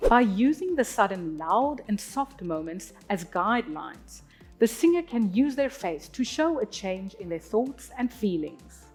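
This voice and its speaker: A woman, an opera singer, giving a clear, teacherly singing lesson and sounding out Italian words as she explains. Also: medium pitch, very animated, measured pace, darkish tone, faint music behind. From South Africa. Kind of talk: instructional talk on singing.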